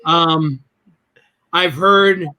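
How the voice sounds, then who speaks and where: A man's voice: fairly high pitch, drawn-out words, sharp tone. A man telling a business story as a guest in an interview, acting out both sides of the conversations.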